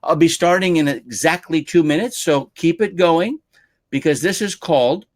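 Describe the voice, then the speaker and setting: A man's voice: fairly high pitch, normal speed. A male lead trainer hosting a live-stream webinar, upbeat as he reads out viewer names one by one and welcomes them.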